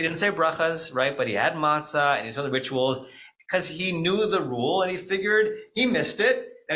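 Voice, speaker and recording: A man's voice: on the high side, pushed and bright, low-quality recording. A middle-aged man, an American rabbi, giving a conversational Shabbat teaching with frequent "right?" asides and self-corrections.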